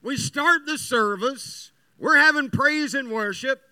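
A man preaching with a very high, sharp and bright voice, unhurried in his delivery. He mixes folksy stories with earnest, emphatic points. The sound is dry and close. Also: dry recording. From West Virginia. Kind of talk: sermon.

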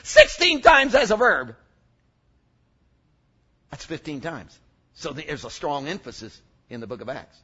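A man's voice: fairly high pitch, huge pitch swings, unhurried, pauses often, bright, forceful tone, highs cut off, slight background noise. A male preacher giving a sermon, joking and emphatic, working up from asides to strong points.

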